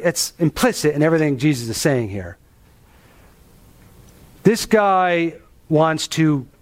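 A man with a noticeably high voice delivers an expository sermon as a pastor. He talks to the listeners conversationally, leaning on emphasis and rhetorical questions to drive his points home.

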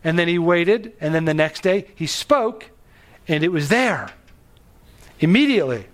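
A man preaching a sermon on a Bible passage, animated and emphatic, pushing his voice up on key phrases. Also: fairly high pitch, a little slow. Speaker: pastor.

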